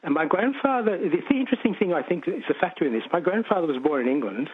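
A middle-aged Australian man rings in to a talk radio show, his voice coming through a thin, tinny phone line. He rambles and hesitates as he chats, with a slightly husky, rather high tone. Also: sing-song, fast talker. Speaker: caller. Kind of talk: casual phone-in chat.

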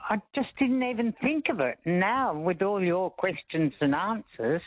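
A woman's voice: mid-range voice, lively intonation, a little slow, no echo. A woman calls in to a talkback show, her voice thin and phone-like. She chats easily, laughing often as she reminisces. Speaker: caller. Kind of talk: casual phone-in chat. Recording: phone line.

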